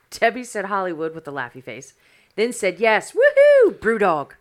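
A woman's voice: medium pitch, big pitch swings, a little slow. A woman co-hosting a podcast in casual chat, blunt and dry in her teasing. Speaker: podcast co-host.

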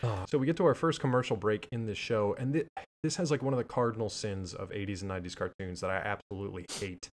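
A man co-hosting a casual podcast, recapping an old cartoon with jokey, animated storytelling. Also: lowish voice, fast. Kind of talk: casual chat.

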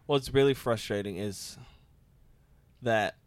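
A man's voice: slow, clean tone, dry recording. A man chatting casually, rambling with many filler words and getting exasperated about a TV show. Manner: rambling, lots of "like" fillers, jumps high when exasperated. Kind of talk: casual podcast chat.

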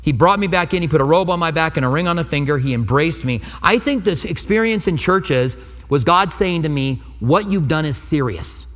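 A man's voice: fairly high pitch, lively intonation, brisk, fairly bright tone. Guy preaching in church, talking earnest like he's telling his own story, voice rings out in a big hall. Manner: personal testimony, conversational and earnest. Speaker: pastor. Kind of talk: sermon. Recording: long hall reverb.

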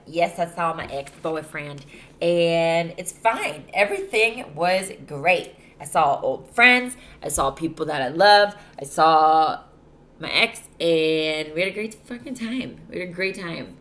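Tired woman, low voice, swearing casually. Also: a bit bright, a little hiss or hum. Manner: candid, rambling, swears freely. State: exhausted. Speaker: podcast host. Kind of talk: casual solo podcast chat.

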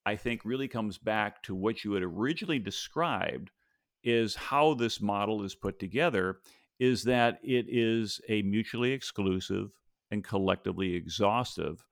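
Creaky-voiced man hosting a podcast. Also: lowish voice, normal speed, no echo, clean studio sound. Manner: thoughtful, rambling, with many fillers and restarts. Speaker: podcast host. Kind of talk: casual conversational discussion. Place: home office with bookshelf.

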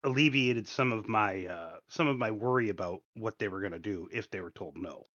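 A man's voice: on the low side, fairly quick, fairly bright tone, dry recording, muffled recording. A man co-hosting a podcast, chatting in a laid-back, agreeable way. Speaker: podcast co-host. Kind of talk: casual TV recap chat.

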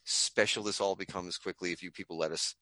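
A man guesting on a podcast, telling long stories and jokes in a loud, theatrical, rambling way. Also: sits low, fairly even intonation, fairly quick, no room sound. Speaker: comic creator and guest. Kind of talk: animated storytelling and joke telling.

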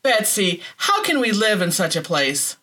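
A woman's voice: mid-range voice, big pitch swings, measured pace, bright, forceful tone, full character voice. A woman reading the part of a frightened, exasperated woman prisoner, crying out in alarm and disbelief. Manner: alarmed cries, incredulous.

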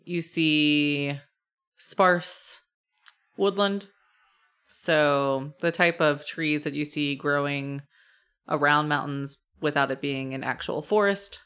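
Slow, low-voiced woman game master. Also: fairly bright tone, smooth. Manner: measured, with frequent pauses and fillers. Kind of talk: narrating a tabletop game.

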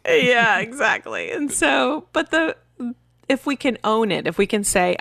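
A woman co-hosting a casual parenting podcast, animated and acting out what her kids say in a higher voice. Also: unhurried, vocal fry, no room sound, studio quality. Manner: animated, acts out quotes in higher voice. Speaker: podcast co-host.

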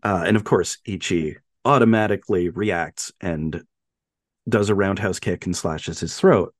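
A man's voice: low-pitched, measured pace, dry recording, studio quality. A man co-hosting a podcast, retelling a film plot in casual chat and acting out quotes in a raised voice. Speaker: podcast co-host.

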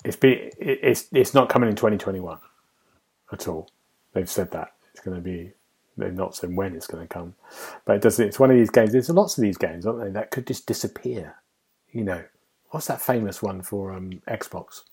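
Husky low-voiced man, musing. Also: normal speed, a little mellow. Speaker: podcast host and game reviewer. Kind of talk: casual podcast chat.

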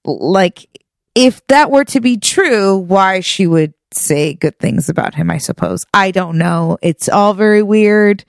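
A woman's voice: mid-range voice, slow, vocal fry, dry recording. Chatty laughing woman podcast co-host. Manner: chatty, laughs often, animated storytelling. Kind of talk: casual chat.

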